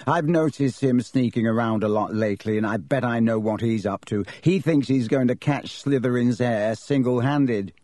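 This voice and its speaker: A man voicing an arrogant, sneering schoolboy with a slow drawl in a storybook reading. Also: mid-range voice, dark tone, no room sound, clean studio sound, lightly acted.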